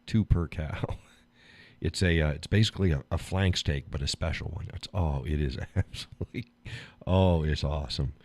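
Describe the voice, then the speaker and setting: A man hosting a live stream, chatting casually about food and his day, laughing often and talking in an animated, blunt way with some swearing. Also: extremely low pitch, normal speed. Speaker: live stream show host. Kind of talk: casual chat reading viewer comments.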